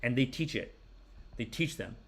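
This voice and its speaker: A man in his forties hosting a podcast, giving rambling, animated, mock-preachy comic commentary. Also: mid-range voice, normal speed. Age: 40s. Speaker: podcast host. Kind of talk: comedic commentary.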